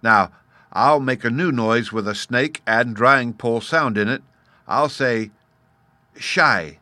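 A patient caveman father explains things slowly and with a playful tease, as a man reading aloud puts him on. His voice is bright and crisp, close and dry, much like the reader's own. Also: mid-range voice, no echo. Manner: patient, teasing, explaining step by step.

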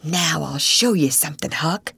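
A woman's voice: low-pitched, moderate pace, gravelly, sharp tone, husky, no echo, full character voice. A woman voicing a bold, scheming boy who leads adventures, speaking in an eager folksy dialect. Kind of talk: audiobook character reading.

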